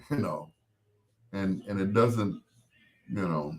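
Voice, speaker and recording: A middle-aged man hosting a casual talk show, gently consoling a grieving listener in a meandering way with frequent restarts. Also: low-pitched, slow. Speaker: host.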